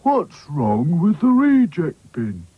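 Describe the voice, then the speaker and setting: A man voicing Sad Sack, a glum male rag doll who dislikes change, speaking in a slow, mournful drawl. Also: on the high side, huge pitch swings, breathy edge, dry recording, lo-fi sound, voice pushed up, full character voice.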